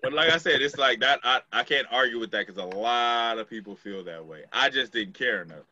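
A man's voice: medium pitch, expressive, fairly quick, bright, forceful tone, no echo, dull audio. A man co-hosting a casual movie talk show, loose and profane, laughing often. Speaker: podcast co-host.

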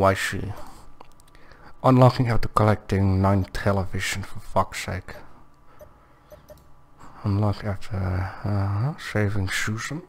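A man giving casual gameplay commentary, joking, swearing and thinking aloud. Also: on the low side. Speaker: gamer.

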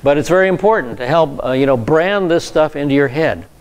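A man's voice: on the high side, lively intonation, fairly quick, clear, resonant tone. A man, a pastor, teaching a Bible class in a conversational lecture style, with frequent fillers and repeated words.

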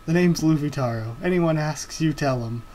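A man voicing a brash young male pirate captain as he reads a comic aloud, with energetic declarations in a plain reading voice. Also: fairly high pitch, normal speed, a little hiss or hum, natural voice, poor audio. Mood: bold.

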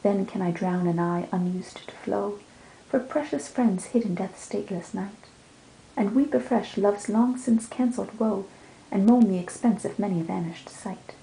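A woman reviewing books and reading poems aloud in a measured, lilting cadence. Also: medium pitch, creaky, warm tone, slight background noise. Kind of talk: book talk with poetry readings. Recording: roomy sound with music underneath.

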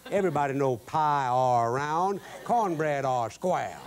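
A man's voice: on the high side, animated, a little slow. A man playing a stern old farmer father in a told joke. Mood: scolding.

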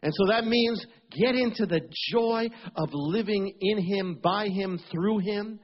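A man's voice: high voice, unhurried, husky, lo-fi sound. A man preaching a sermon with fervent, repetitive cadences, at times praying aloud in the first person.

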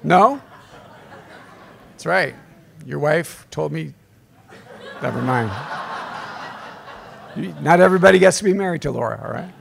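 A middle-aged priest giving a conference talk to a live audience, with a gravelly, fairly high voice. He mixes humorous stories with direct appeals to the crowd. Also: expressive, measured pace, pauses often. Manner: conversational storytelling with humor and call-outs to the crowd.

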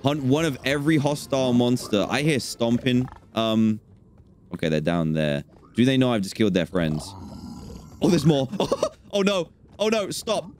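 A young man hosting a gaming channel, giving let's-play commentary and swinging between calm chatter and panicked yelps. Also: mid-range voice, measured pace, pauses often, soft background music.

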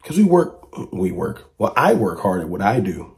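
A man giving casual fan commentary to camera, talking emphatically and asking a stream of rhetorical questions. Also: normal speed. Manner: rises to excited high-pitched exclamations when reacting to clips.

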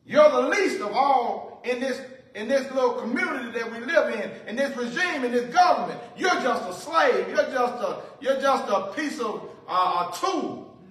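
A man's voice: very high-pitched, expressive, normal speed, a bit bright. A man voicing a scornful Pharaoh who taunts his slaves with rhetorical questions. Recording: echoey room, voice from far off.

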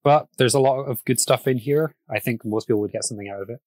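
A man's voice: mid-range voice, fast, a little mellow, no room sound. Chatty man hosting a podcast, dry sound. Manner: chatty, laughs often, frequent restarts. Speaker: podcast host. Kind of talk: casual podcast chat.

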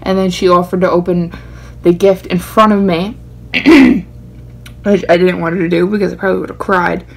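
Young woman vlogger, lowish pitch, excitable, rambling chat. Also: moderate pace, vocal fry, pauses often, slightly rough. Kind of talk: casual chat to camera.

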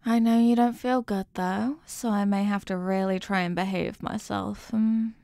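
A woman voicing a clingy, possessive young girlfriend in a whispered role-play, soft and doting. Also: mid-range voice, steady tone, normal speed, creaky, no room sound, close to an everyday voice.

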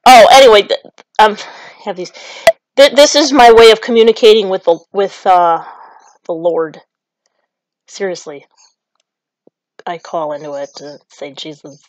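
Woman comic, rambling self-mocking monologue, slow delivery, dry close sound. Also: mid-range voice, no room sound. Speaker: comedian.

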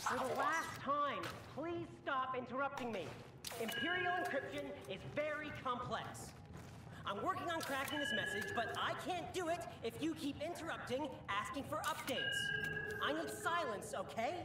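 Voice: high-pitched, animated. An exasperated rebel codebreaker. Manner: slow, irritated, over-patient. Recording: distant echoey game audio with loud music.

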